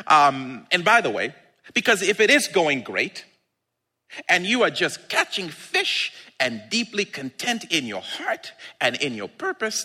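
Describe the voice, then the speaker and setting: An excitable male pastor preaching a sermon, laughing as he goes and leaning into drawn-out words. His voice is bright and swings widely in pitch, though he takes his time. It rings through a large reverberant church hall. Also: breathy edge.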